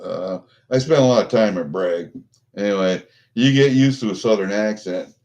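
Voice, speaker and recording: A man's voice: on the low side, moderate pace, darkish tone, muffled recording. A middle-aged man chatting casually with his livestream viewers, rambling and swearing, with lots of fillers and restarts. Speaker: vlogger chatting with live viewers.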